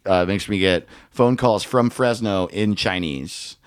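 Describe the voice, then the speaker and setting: A man's voice: on the low side, measured pace, no room sound, clean studio sound. A man in a casual comedic chat as podcast co-host, joking and laughing often.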